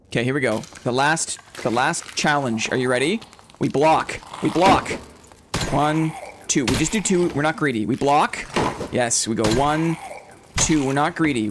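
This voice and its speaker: Guy streaming a game live, chatty, keeps repeating himself, gets jumpy when stuff goes bad, bit of background hiss. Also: mid-range voice. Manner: talks to chat, jumpy and excitable in fights; thinks aloud, repeats short phrases. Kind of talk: live gameplay commentary.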